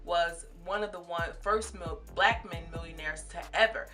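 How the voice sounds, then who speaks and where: Talking straight to her viewers over music, a young woman vlogger gives chatty, emphatic commentary on a series, calling them sis and girl. Her voice is on the low side and moves at normal speed.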